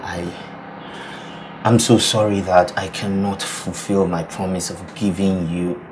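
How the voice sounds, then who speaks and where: A stammering Nigerian groom-to-be. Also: male voice, sits low, level tone, measured pace. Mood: pleading. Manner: stammering, repeats words. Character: anxious young groom-to-be, earnest and eager. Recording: noisy background hum.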